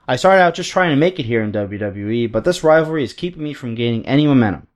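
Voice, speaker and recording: A man's voice: medium pitch, expressive, quick pace, lightly acted. A man voicing a frustrated male wrestler who airs his grievances. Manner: aggrieved complaining.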